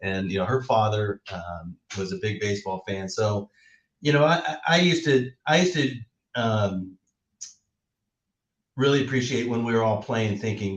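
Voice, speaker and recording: A man's voice: on the low side, moderate pace, lo-fi sound. Reflective middle-aged man in echoey room. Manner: reflective, laughs while telling stories. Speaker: guest, former baseball player. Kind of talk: casual chat.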